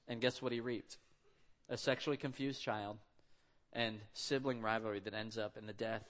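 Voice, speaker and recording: A man in his thirties preaching a sermon in a conversational, storytelling way. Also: medium pitch. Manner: conversational storytelling, acts out quotes. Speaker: pastor.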